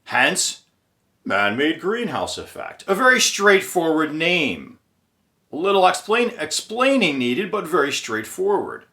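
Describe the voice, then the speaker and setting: Guy doing an earnest explainer, voice jumps around a lot, kinda high. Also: huge pitch swings, a little slow, bright, forceful tone. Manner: earnest, emphatic, stretches key phrases. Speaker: channel host. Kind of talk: explainer commentary.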